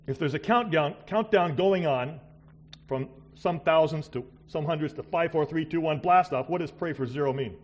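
A middle-aged man preaching a missionary sermon, swinging between loud exclamations and quiet asides. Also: on the high side, moderate pace.

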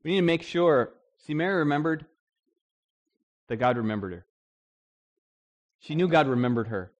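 Animated, fairly high-voiced male preacher. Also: moderate pace. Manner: conversational, animated storytelling with many restarts. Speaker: pastor. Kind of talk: sermon.

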